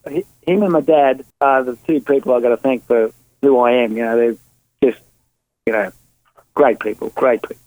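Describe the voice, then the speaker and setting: A man's voice: medium pitch, normal speed, darkish tone, dry recording, rough recording. A man with an Australian accent, a former golf pro guest, telling casual stories in a chatty, self-deprecating way. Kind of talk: casual storytelling anecdotes.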